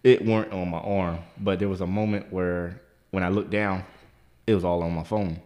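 A man co-hosting a podcast, telling a profane, animated story and leaping into high squeaky voices when he quotes people. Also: normal speed. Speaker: podcast co-host. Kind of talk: casual storytelling chat.

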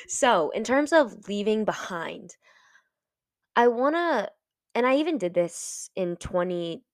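A 21-year-old woman hosts a solo podcast, chatting casually in a reflective way and laughing often. Her voice sits on the low side, and the recording is dry and studio quality.

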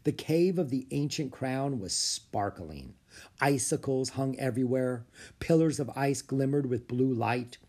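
A man narrating a children's book aloud with expressive storytelling. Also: medium pitch, unhurried. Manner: expressive, story-telling delivery. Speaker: audiobook narrator.

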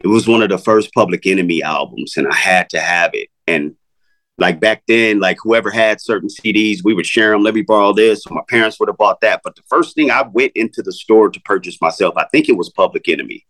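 A man's voice: low-pitched, a little fast, a bit bright, no room sound. A man in his fifties, a music artist talking as a guest in a casual interview, laid-back and slangy, laughing often. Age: 50s.

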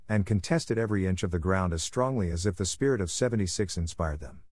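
Man, audiobook narration, classic novel, steady, measured, deep voice, dry. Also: no echo.

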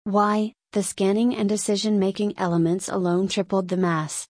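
A woman's voice: mid-range voice, flat delivery, a little mellow, dry recording, close to an everyday voice. Woman narrator doing a tired, fussy older-middle-aged man; dry read. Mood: weary. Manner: tired and yawning, then briskly cheerful.

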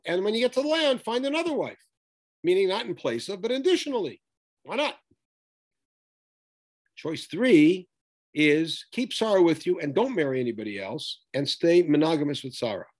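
A man teaching a Bible text study, reading Hebrew verses aloud and then explaining them with emphasis. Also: sits high.

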